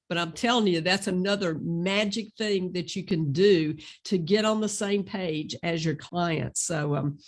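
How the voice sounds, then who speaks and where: An older woman leads a webinar for agents, talking straight to her listeners. Her coaching is earnest, and she slips into soft, gentle tones when she acts out sample lines. She speaks into a computer mic. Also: on the low side. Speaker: real estate trainer. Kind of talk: webinar teaching.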